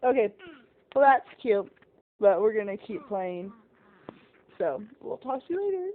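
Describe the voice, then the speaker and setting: A woman's voice: mid-range voice, very animated, unhurried, narrow, tinny audio. A mother coaxing her toddler in a sing-song home video voice.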